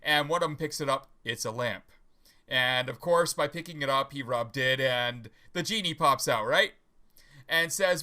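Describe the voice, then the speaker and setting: A man's voice: medium pitch, normal speed, pushed and bright. A male podcast host in casual livestream chat, a rambling, chatty storyteller.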